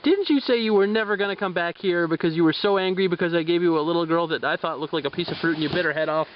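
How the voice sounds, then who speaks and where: A man's voice: fairly high pitch, quick pace, background noise, lightly acted. A man voicing a grumpy male deli owner who rambles in one long accusing question. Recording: dull lo-fi home recording.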